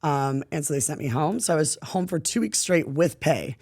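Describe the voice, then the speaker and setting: A woman's voice: sits low, expressive, moderate pace, a little mellow, slightly rough. A young woman chatting as a podcast guest, laughing often and swearing casually. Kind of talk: casual interview chat.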